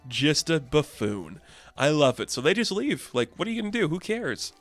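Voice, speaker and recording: A man's voice: on the high side, very animated, normal speed, soft background music. A man casually reviewing a comic book issue with enthusiastic, chatty recaps.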